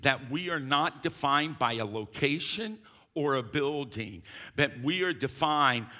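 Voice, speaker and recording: A man's voice: medium pitch, expressive, measured pace, pushed and bright. A middle-aged man, a pastor preaching a sermon, emphatic and calling for responses from the congregation. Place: church sanctuary. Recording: long reverb of a large hall.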